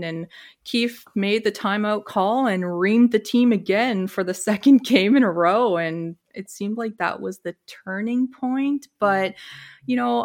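A woman co-hosting a casual sports podcast, chatty and quick to laugh. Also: mid-range voice, vocal fry. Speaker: podcast co-host.

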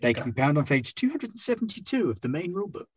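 A man narrating and explaining rules as game master of a tabletop game, measured and calm. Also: a little high, husky.

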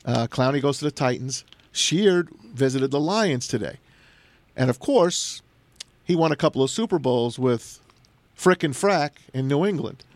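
A man hosting a casual sports talk show, chatting with animated, teasing banter. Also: medium pitch, a little slow, dry recording.

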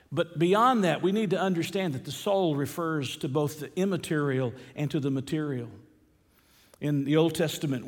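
A man preaching a sermon, earnest, repeating key phrases and slowing down on the verses he quotes. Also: a little high, long reverb tail. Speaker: pastor.

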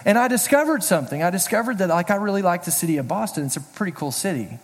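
Casual high voiced guy preaching, joking around, big echoey hall. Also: animated, fast talker. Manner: chatty, storytelling, self-deprecating jokes. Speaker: pastor. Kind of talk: casual sermon with humor. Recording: reverberant hall.

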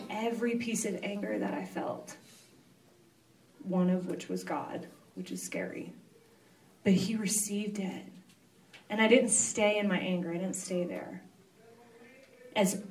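A woman, a pastor's wife, giving an earnest, confessional sermon that moves between quiet low passages and emphatic rises. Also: far from the mic.

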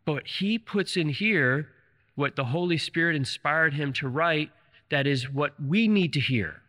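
Fired-up preacher guy telling bible stories, kinda high voice, big echoey church hall. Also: lively intonation, a little slow, pushed and bright. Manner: fervent storytelling, retelling scripture. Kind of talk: sermon.

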